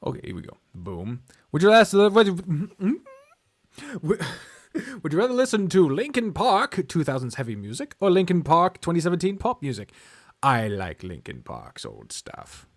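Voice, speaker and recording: A man's voice: a little high, huge pitch swings, moderate pace. Chatty, ranting male streamer. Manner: ranting, swearing, laughing a lot. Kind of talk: casual gaming livestream commentary.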